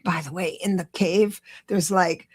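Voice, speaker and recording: A woman hosting a live-stream tarot reading, chatty and encouraging, talking quickly with many restarts. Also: on the low side, steady tone, husky. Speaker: tarot reader and show host.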